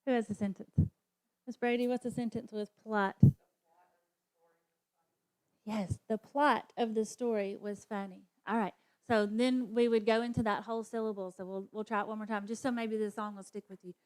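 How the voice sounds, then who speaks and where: Her mid-range voice is smooth and steady, fairly quick, as this woman teacher demonstrates phonics for other teachers. She sounds out letters and models classroom chants in a professional development session.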